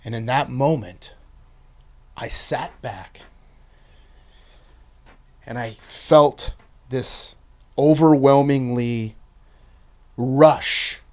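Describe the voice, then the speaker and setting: A man in the middle of his own story on a podcast, earnest and intense. His voice sits at an ordinary middle pitch. It swells into loud bursts and then drops to near hushes as he tells his testimony. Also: drawn-out words, long pauses. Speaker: podcast guest.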